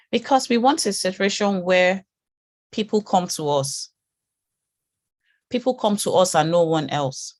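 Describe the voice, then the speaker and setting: A woman with a low voice leads a branding class, firing off repeated questions and encouraging her students. The sound is dry and close, with no room around it. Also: dry recording. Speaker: branding course instructor. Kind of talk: live online class teaching.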